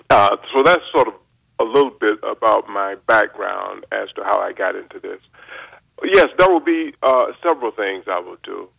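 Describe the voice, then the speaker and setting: A man in his seventies from North Carolina, a chemist giving a measured, formal radio interview with frequent pauses. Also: on the low side, creaky, fairly bright tone, no room sound, poor audio. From North Carolina, USA. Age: 70s. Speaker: guest chemist. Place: radio studio.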